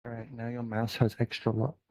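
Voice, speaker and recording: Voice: medium pitch, completely flat delivery, brisk, darkish tone, no echo. Easygoing stream guest, dry sound. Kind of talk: casual chat.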